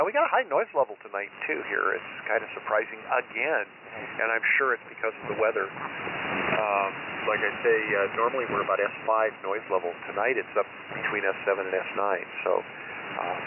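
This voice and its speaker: A man's voice: lowish voice, moderate pace. A man on a ham radio net, rambling about his gear in technical detail, chuckling to himself now and then. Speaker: amateur radio operator. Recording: tinny radio audio with loud static.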